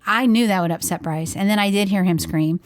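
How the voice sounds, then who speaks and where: A woman's voice: mid-range voice, fairly quick, no echo. A woman co-hosting a podcast as a parent, talking in a casual, earnest way and retelling events in detail. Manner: earnest, detailed retelling with soft quoted dialogue. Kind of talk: casual storytelling chat.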